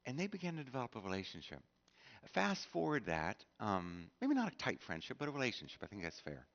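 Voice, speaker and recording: A man's voice: mid-range voice, huge pitch swings, fairly quick, fairly bright tone, dull audio. A middle-aged man preaching a sermon in a church, telling stories with lots of fillers and restarts and acting out what people said. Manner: storytelling, acts out quoted speech with many fillers and restarts. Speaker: pastor. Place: church sanctuary.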